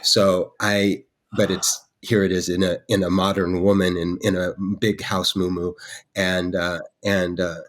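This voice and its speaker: Male podcast guest, low-pitched, meandering storyteller, halting with fillers. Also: little pitch movement. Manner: rambling, with many restarts and fillers. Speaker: guest artist. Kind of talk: storytelling in conversation.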